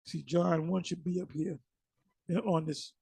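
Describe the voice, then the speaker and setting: A man's voice: fairly high pitch, fairly even intonation, measured pace, creaky, dark tone, breathy edge, no room sound. A man leading an informal scripture study, reading verses aloud and then rambling into loose commentary with frequent restarts. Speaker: Bible teacher.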